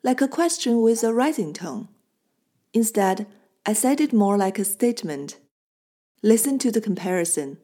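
Woman, language teacher, mellow warm tone, patient clear explaining, scripted lesson. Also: mid-range voice, lively intonation. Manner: clear, patient explaining with slow model phrases.

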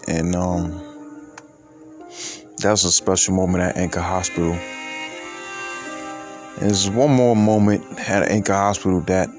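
Reflective young man, low voice. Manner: reflective, halting, many fillers and restarts. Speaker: podcaster. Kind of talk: personal storytelling monologue.

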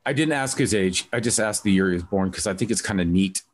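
A man's voice: fairly low pitch, fast talker. A man hosting an interview, chatting casually and telling rambling stories. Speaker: interview host.

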